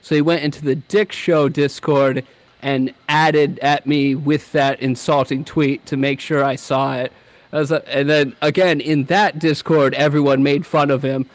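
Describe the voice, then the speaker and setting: A man's voice: a little high, fairly even intonation, unhurried, dry recording. Rambling male guest, dry close sound. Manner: rambling storyteller, hesitant restarts, mocking quotes. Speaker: podcast guest, comic writer. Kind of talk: casual chat.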